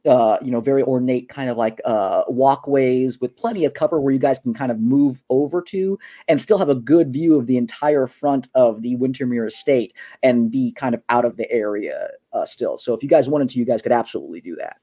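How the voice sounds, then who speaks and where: A man's voice: medium pitch, brisk, hardly any pauses, warm tone. A man narrating a tabletop game as game master, describing the scene casually with plenty of fillers.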